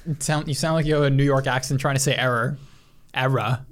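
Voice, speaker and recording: A woman co-hosting a casual podcast, with an extremely low, deep voice. She banters in a dry, teasing way and mostly answers in short replies. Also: fairly even intonation, a little fast. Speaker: podcast co-host. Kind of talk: casual chat.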